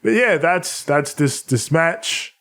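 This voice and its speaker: A man's voice: on the high side, lively intonation, slow, a bit bright. A man co-hosting a casual podcast, breaking things down articulately and laughing often. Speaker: podcast co-host. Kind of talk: casual chat, analytical recap.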